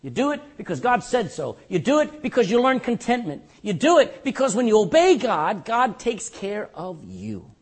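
An older male pastor preaching in a husky, fairly high voice. His pitch swings widely as he works the room with jokes and rhetorical questions. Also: huge pitch swings, normal speed, hardly any pauses. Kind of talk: sermon.

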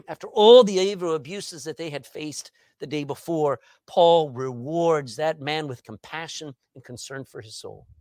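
A man preaching a sermon, asking rhetorical questions and swinging between loud and soft. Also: on the high side, unhurried, no echo.

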